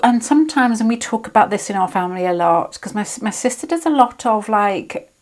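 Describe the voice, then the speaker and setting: A woman's voice: mid-range voice, a little mellow. A British woman giving a casual, rambling tarot reading, often breaking off and restarting her sentences. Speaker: tarot reader.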